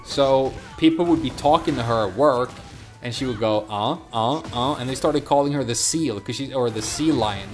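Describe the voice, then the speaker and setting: A man talks loosely and at length while streaming, his voice sitting at an ordinary middle pitch. He rambles, drifts between tangents and answers his chat. Soft music plays quietly underneath him. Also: moderate pace. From Sweden. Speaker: game streamer.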